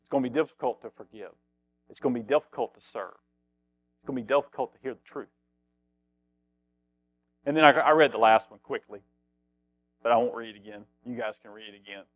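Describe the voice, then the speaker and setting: A man's voice: mid-range voice, fairly quick, long pauses, dry recording, faint music behind. Man preaching in a dry room. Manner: conversational preaching, reads scripture aloud, repeats phrases for emphasis. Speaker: pastor. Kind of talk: sermon.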